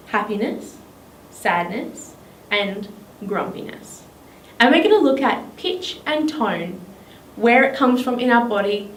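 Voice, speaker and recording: A woman with an Australian accent leading a children's drama lesson in an encouraging, sing-song teacher voice. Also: mid-range voice. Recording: echoey room, mic at a distance, faint noise.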